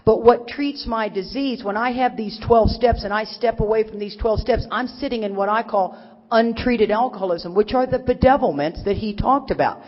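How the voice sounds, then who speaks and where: A middle-aged woman from Texas giving an animated, folksy recovery talk to a crowd, teasing her listeners. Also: fairly high pitch, moderate pace. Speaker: recovery speaker. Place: large conference hall. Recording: dull recording with long hall reverb.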